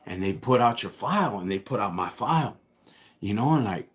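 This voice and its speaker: A man from Los Angeles with a Chicano English accent spins a long story for his live stream viewers in a relaxed, slang-heavy way. His voice sits at a middle pitch. He keeps stopping to greet and thank people in the chat. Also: moderate pace. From Los Angeles, United States. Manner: slangy and laid-back, breaks off to thank viewers. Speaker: livestream host.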